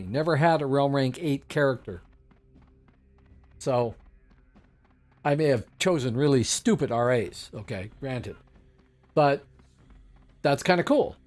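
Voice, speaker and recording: A man's voice: fairly high pitch, darkish tone. A man giving casual, rambling gameplay commentary as a streamer, chatty with many fillers and asides. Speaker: game streamer.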